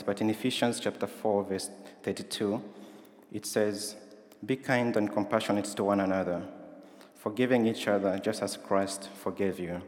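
A man's voice: fairly low pitch, a little mellow. A man preaching a sermon in a conversational way, asking his listeners questions. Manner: conversational, asks the congregation questions. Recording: roomy hall with long reverb.

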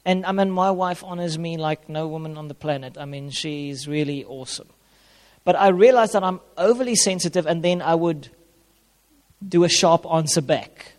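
A man's voice: a little high, moderate pace. A man giving an informal sermon on marriage as a pastor, conversational and plain-spoken, repeating key phrases. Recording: long hall reverb.

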